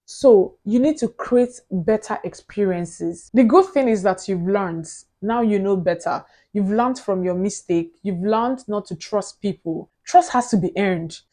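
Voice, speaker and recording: A woman vlogger giving casual motivational talk straight to the camera, earnest and animated, laughing between points and repeating words as she thinks. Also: medium pitch.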